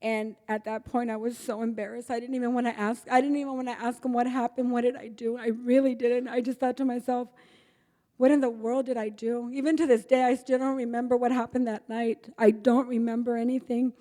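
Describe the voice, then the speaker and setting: At an AA meeting in a large hall with reverberant acoustics, a middle-aged Texan woman candidly tells her recovery story, performing the dialogue and laughing frequently. Her voice is on the high side and mellow, with a level tone and a slightly fast pace.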